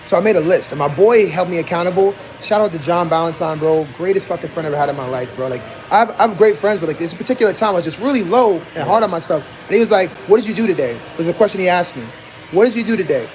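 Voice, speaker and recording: This young podcast host talks quickly in a high voice. He swears a lot and acts out conversations as he tells his stories. A faint hiss runs under the recording. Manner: animated storyteller, swears freely, acts out quoted dialogue. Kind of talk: casual podcast chat.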